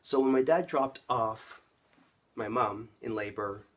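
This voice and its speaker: A man's voice: medium pitch, slow pace. A man of about fifty from Canada telling a personal story to camera in a conversational way, speaking straight to his viewers. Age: around 50. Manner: conversational, addresses viewers directly. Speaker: vlogger.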